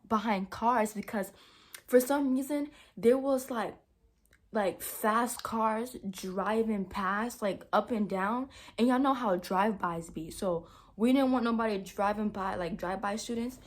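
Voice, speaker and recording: A woman's voice: a little high, a little slow. A young adult woman telling a dramatic story in a casual vlog, talking straight to her viewers with lots of "like" and "y'all". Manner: animated, dramatic storytelling, heavy use of "like", addresses viewers as y'all. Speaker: vlogger.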